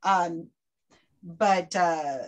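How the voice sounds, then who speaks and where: A woman's voice: on the low side, steady tone, very slow. A woman who organizes a trivia night, chatting casually on a video call, laughing and walking others through setup steps. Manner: chatty, laughing, gives step-by-step instructions. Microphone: computer mic on a video call.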